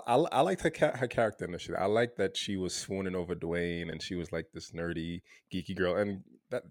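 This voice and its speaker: A man's voice: sits low, darkish tone, no echo, clean studio sound. A man in casual chat, laid-back, talking with lots of fillers and restarts.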